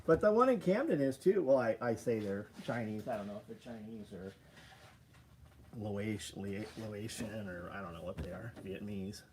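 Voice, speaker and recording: A man's voice: lowish voice, moderate pace, a little hiss or hum. A man hosting a casual livestream, talking bluntly and profanely and reacting to viewer comments. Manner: blunt, profane, animated ranting. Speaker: livestream host.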